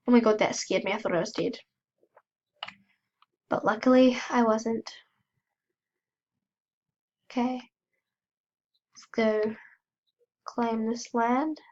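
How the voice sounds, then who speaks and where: A gaming channel host with a cold gives chatty, self-mocking commentary while she plays, gasping and squealing whenever something startles her. Her voice is a little high and slightly mellow, and she talks slowly with frequent pauses. The audio sounds dull.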